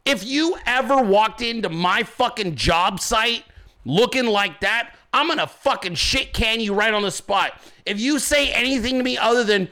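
A man's voice: high voice, expressive, moderate pace, pushed and bright. A man delivering a crude, heated, sarcastic ranting monologue as a commentator. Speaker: political commentator.

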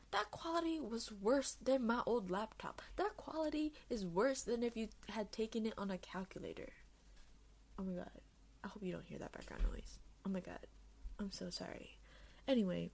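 A young woman rambling alone into her podcast mic. She talks in a loose, self-mocking way and swears freely. She jumps between loud outbursts and quick hushed asides. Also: medium pitch, expressive. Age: young adult. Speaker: podcast host. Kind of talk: casual solo chat.

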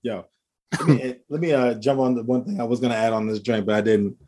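A man's voice: medium pitch, steady tone, brisk, a little mellow. A man co-hosting a podcast, chatting casually and animatedly, laughing often and slipping into voices. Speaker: podcast co-host.

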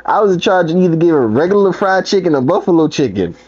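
A man's voice: fairly high pitch, sing-song, fast talker, darkish tone, husky. A young man casually telling a funny story, acting out the quotes and laughing often. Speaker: podcast co-host. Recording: dull lo-fi sound.

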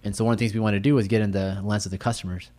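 A man who is a business consultant, telling work stories in a relaxed, casual way with many fillers. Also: on the low side, very fast. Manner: relaxed storyteller, many "you know" fillers. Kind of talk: casual interview chat.

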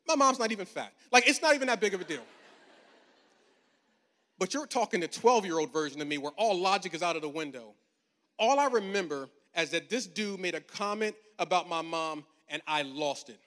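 High-voiced preacher in his forties, echoing hall. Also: expressive, brisk, a bit bright. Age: 40s. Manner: conversational and humorous, building to emphatic preaching. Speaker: pastor. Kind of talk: storytelling sermon. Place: large church auditorium. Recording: long hall reverb.

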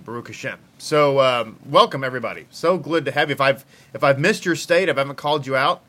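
A man's voice: mid-range voice, quick pace, bright, forceful tone. A man with a Texan accent, a rabbi casually greeting livestream viewers with joking asides. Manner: chatty, joking, calls out viewers.

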